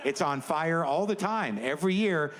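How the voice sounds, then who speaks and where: A man's voice: on the high side, lively intonation, normal speed, a bit bright. A man doing a stand-up comedy set on stage, riffing in a rambling, conversational and profane way. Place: stage before a live audience. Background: faint audience laughter.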